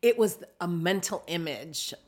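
A woman co-hosting a casual podcast chat, telling stories in an emphatic, animated way. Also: fairly low pitch, measured pace. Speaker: podcast co-host.

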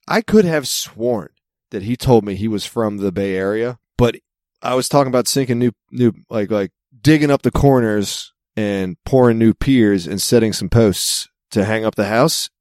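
A man's voice: on the low side, moderate pace, darkish tone, dry recording, clean studio sound. A man with a Mid-Atlantic American accent, telling rambling, wry stories in casual chat with a co-host. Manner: rambling storyteller, wry and self-amused. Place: California.

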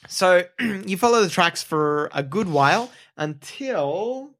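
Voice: mid-range voice, animated, slow pace, fairly bright tone, slight background noise. Rambling game master. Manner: rambling, self-correcting descriptions with laughs. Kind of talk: narrating a tabletop game.

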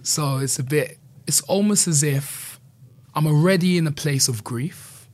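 A man's voice: a little high, unhurried, a little mellow, no echo. A man speaking earnestly and candidly as an interview guest, often adding "you know". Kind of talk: reflective conversational interview.

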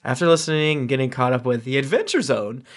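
A man's voice: medium pitch, lively intonation, fast. A man hosting a podcast, reading listener reviews aloud with joking asides. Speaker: podcast host.

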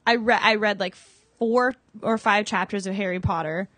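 A woman co-hosting a podcast, telling stories in an animated, chatty way with lots of fillers. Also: medium pitch, moderate pace, dry recording. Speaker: podcast co-host. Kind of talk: casual chat.

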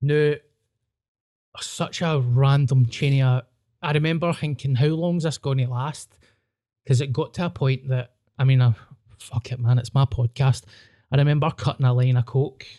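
Animated sweary Glaswegian man. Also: medium pitch, moderate pace. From Scotland. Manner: animated, sweary, acts out voices. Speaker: podcast host. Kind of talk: casual storytelling chat.

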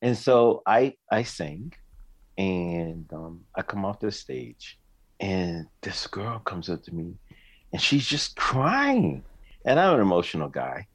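Deep-voiced, animated male storyteller. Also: takes it slowly. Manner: animated, emotional storyteller, laughs often. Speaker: songwriter and singer guest. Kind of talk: casual storytelling interview.

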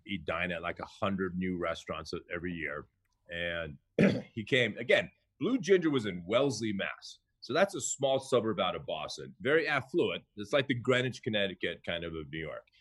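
A man, a chef from the United States, telling stories in a relaxed interview, restarting phrases and acting out what others said. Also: low voice, normal speed. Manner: animated, restarts phrases, acts out quoted chefs. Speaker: chef and guest. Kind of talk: conversational storytelling.

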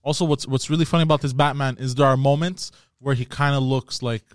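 A man's voice: mid-range voice, fairly even intonation, quick pace, no echo, clean studio sound. A man in a casual podcast chat, adding brief agreeing remarks.

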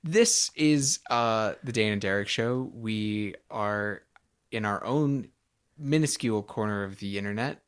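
A man's voice: lowish voice, measured pace, clear, resonant tone. A tired young man co-hosting a podcast in casual chat, rambling and self-deprecating, often restarting his sentences. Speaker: podcast co-host.

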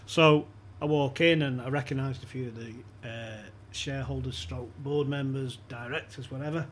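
A man's voice: mid-range voice, steady tone, moderate pace. A man as a podcast guest, telling anecdotes in casual chat and chuckling often as he talks.

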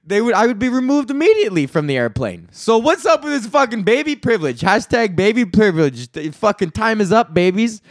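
A man's voice: high voice, sing-song, fairly quick, few pauses, dry recording, studio quality. A man in his thirties, a comedian hosting his own podcast, ranting profanely with lots of rhetorical questions. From Canada. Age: 30s. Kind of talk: solo comedic rant.

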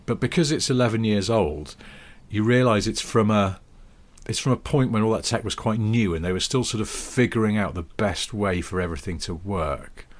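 A man with a voice on the low side co-hosts a podcast, speaking at a moderate pace. He chats casually, rambling in a wry, drily jokey manner.

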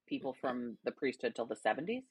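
Woman co-host with a husky, animated voice who drops sarcastic one-liners. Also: rumbling low. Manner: wry interjections and quick asides. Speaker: podcast co-host. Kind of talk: casual podcast chat.

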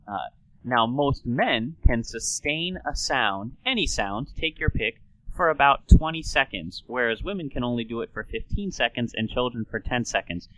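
A man who is a doctor and talk show host, explaining in a lecturing way with quick asides. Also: medium pitch, lively intonation, sharp tone, dry recording, low-quality recording.

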